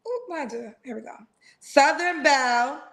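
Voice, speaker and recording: Woman host, high voice, playful slangy chatter on a video call. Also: a little slow, a bit bright. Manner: chatty and playful, uses slang like "child" and "girl". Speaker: host of a live singles dating show. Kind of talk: casual live-stream chat.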